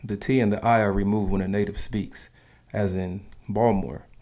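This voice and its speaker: A man with a notably low, deep voice narrates an explainer video. His delivery is casual and opinionated, like someone sharing his own views while reading a script. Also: flat delivery, normal speed, darkish tone. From Southern United States.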